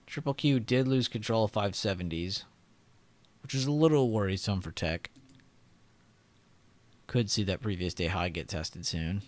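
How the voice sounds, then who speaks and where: At a moderate pace with long pauses, this young man's lowish voice carries his live trading stream. He's a chatty host who reads comments aloud and laughs often.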